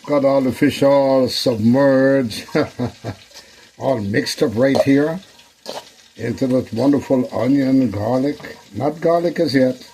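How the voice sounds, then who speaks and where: A man's voice: mid-range voice, slow, mellow, slight background noise, rough recording. A man hosting a casual cooking demonstration in his kitchen, chatting to viewers and repeating phrases as he works. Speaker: cooking show host.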